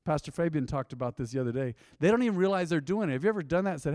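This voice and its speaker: A man's voice: fairly high pitch, animated, racing, darkish tone, no echo, studio quality, in a large hall. A man preaching a sermon to a congregation in a folksy, conversational way, often slipping into quoted asides. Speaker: pastor. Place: church sanctuary.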